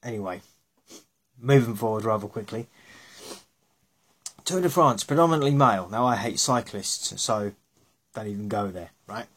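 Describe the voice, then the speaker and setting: A man with a husky voice, bluntly ranting his opinions in a casual monologue, scornful and sarcastic, swearing freely. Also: lowish voice, moderate pace.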